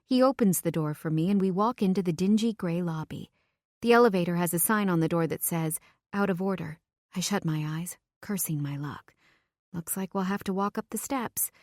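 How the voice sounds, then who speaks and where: A woman narrating a romance audiobook in the first person, with expressive, intimate storytelling. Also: lowish voice, fairly quick, no room sound, studio quality.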